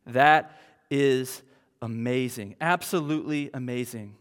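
A man preaching a sermon as pastor, in an earnest, slow style with emphatic pauses. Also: mid-range voice, fairly bright tone. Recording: long hall reverb.

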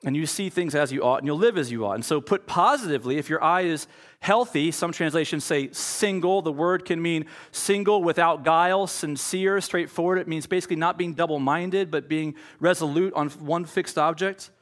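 Male preacher, sermon, fairly high voice, conversational, story-driven. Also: normal speed. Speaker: pastor.

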